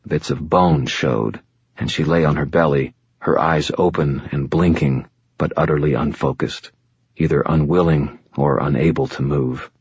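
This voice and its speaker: Male audiobook narrator: steady and grim, dry close sound, slightly dull lo-fi quality. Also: rumbling low, a little slow, slightly rough, no room sound. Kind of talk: first-person audiobook narration.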